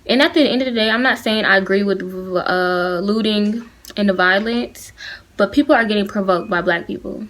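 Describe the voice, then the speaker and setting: A teenage vlogger from Atlanta, United States, speaks with a lilt straight into her phone camera for a casual opinion vlog. Her voice is medium-pitched and fairly bright at a moderate pace, and her delivery is earnest and heated, staying direct and personal as she addresses her viewers.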